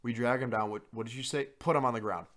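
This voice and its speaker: A man of middle pitch co-hosting a podcast, recounting a story in animated, profane casual chat. He acts out other people's lines as he goes. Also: fast talker. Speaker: podcast co-host.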